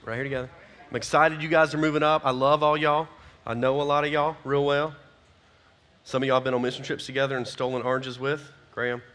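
A man, a youth pastor giving a folksy, energetic closing talk to his youth group. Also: mid-range voice, fast.

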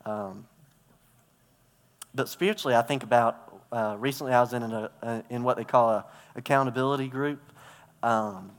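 A man's voice: mid-range voice, normal speed. A man giving a conversational sermon in a church, telling stories and acting out parts as he goes. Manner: conversational, storytelling with props and gestures. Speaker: preacher. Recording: reverberant hall.

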